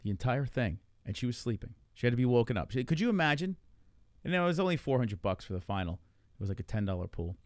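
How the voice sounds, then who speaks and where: A man's voice: lowish voice, fast talker, no echo, studio quality. A male podcast host telling stories in a casual, rambling way and swearing freely. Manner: animated, swears freely, loose rambling retelling. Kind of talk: casual storytelling chat.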